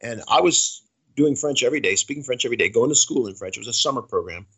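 Male entertainer, interview guest, husky tone, chatty and animated storyteller. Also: mid-range voice, fast, poor audio. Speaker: comedy juggler and cruise ship entertainer.

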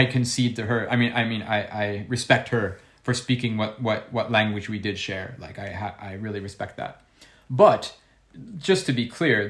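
Animated man telling a backstage story. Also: lowish voice. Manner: animated, many restarts and repeated words. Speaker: circus performer, juggler. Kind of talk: conversational storytelling.

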